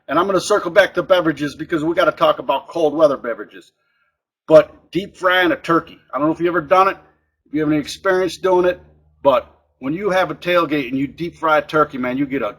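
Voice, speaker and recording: A man's voice: fairly high pitch, fairly bright tone, low-quality recording. A man hosting a comedy cooking show, giving hyped tailgating tips in a folksy, pumped-up way and often tacking on "all right?".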